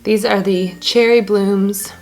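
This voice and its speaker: A woman's voice: medium pitch, steady tone, slow, darkish tone. Chatty woman doing a makeup vlog at home, jokes around, faint music behind her. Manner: chatty, self-narrating each step; joking asides. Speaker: beauty blogger. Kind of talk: casual makeup tutorial.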